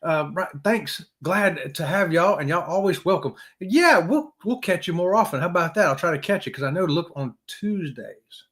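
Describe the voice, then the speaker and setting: Male stream host, fairly high voice, talkative, joking, shouting out viewers. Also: animated, normal speed, hardly any pauses. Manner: chatty, jokey, greets viewers by name. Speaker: host of a live cruise chat stream. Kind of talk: casual live-stream chat.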